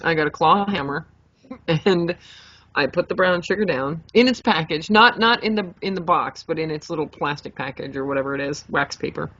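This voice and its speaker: A young adult woman co-hosting a podcast, telling a story in a lively, animated way, swearing freely and acting out her own reactions. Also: deep voice, normal speed, no echo. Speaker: podcast co-host. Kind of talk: casual storytelling chat. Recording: dull lo-fi podcast mic.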